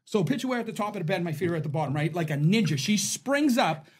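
Animated profane man telling stories. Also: sits high, fast, husky. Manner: animated, profane, laughing storyteller. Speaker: podcast co-host. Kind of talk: casual storytelling chat.

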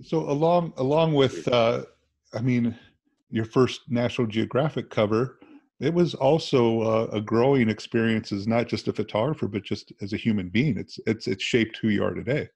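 A man hosting an interview, asking halting questions. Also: medium pitch, vocal fry, darkish tone, husky. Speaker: interview host. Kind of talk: casual interview.

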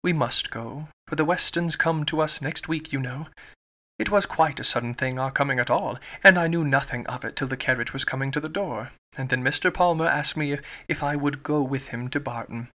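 A man's voice: a little high, a little fast, sharp tone. A man voicing a cheerful, talkative young woman in an audiobook, gushing along in chatter.

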